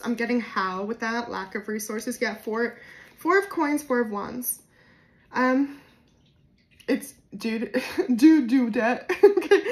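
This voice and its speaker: A woman with a New Jersey accent giving a casual, spontaneous tarot reading to camera, swinging between soft musing and loud bursts. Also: on the high side. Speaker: tarot reader.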